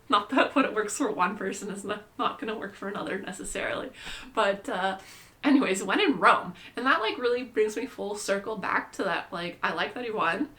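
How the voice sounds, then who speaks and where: A woman's voice: medium pitch, sharp tone. A young adult woman vlogging in a casual, rambling monologue, chatty and irreverent, filling her talk with "like.". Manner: chatty, says "like" constantly, playful and irreverent.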